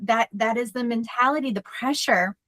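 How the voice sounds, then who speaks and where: A woman therapist co-hosting a podcast, talking in a loud, energetic way as she tells personal stories in casual chat. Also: on the high side, normal speed, no room sound.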